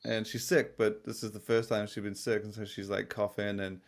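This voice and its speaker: A man's voice: fairly low pitch, flat delivery, fairly quick. A young adult man co-hosting a podcast, telling a story in a rambling, profane way and sounding tired. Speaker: podcast co-host. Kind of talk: casual podcast chat.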